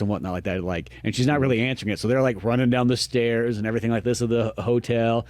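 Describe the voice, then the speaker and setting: A male podcast co-host in a casual game discussion, chatty and quick. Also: medium pitch, fairly even intonation, darkish tone, no echo.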